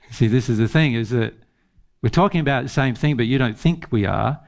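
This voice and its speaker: A man's voice: medium pitch, normal speed, vocal fry. A man giving an informal spiritual teaching talk, earnest, repeating phrases and laughing often.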